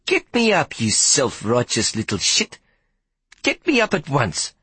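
A man voicing a loud, coarse and bossy big woman who curses theatrically and orders people around, in an audiobook. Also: medium pitch, wildly swooping pitch, measured pace, husky, no room sound, exaggerated voice. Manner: foul-mouthed, imperious, theatrical complaining. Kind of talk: audiobook character voice.

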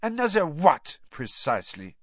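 A man's voice: fairly high pitch, huge pitch swings, moderate pace, a bit bright, dry recording, voice pushed up, exaggerated voice. A man voicing a towering, proud headmistress who speaks in an icy, imperious manner. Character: towering proud haughty headmistress, frosty and easily offended. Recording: dull lo-fi, dry.

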